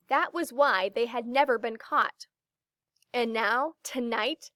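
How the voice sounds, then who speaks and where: A woman reading a children's book aloud, slow and expressive as she narrates. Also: a little high, dry recording, clean studio sound.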